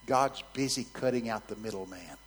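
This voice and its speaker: A man's voice: medium pitch, moderate pace, husky, rough recording. Frank preacher man, dramatic volume swings. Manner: swings between soft near-whispers and loud emphatic bursts; frank, conversational, vivid storytelling. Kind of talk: sermon with dramatic storytelling.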